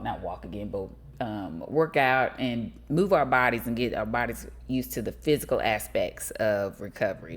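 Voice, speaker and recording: A middle-aged woman from the United States hosting a podcast, giving casual advice straight to her listeners, lively and quick to laugh. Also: rumbling low. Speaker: podcast host.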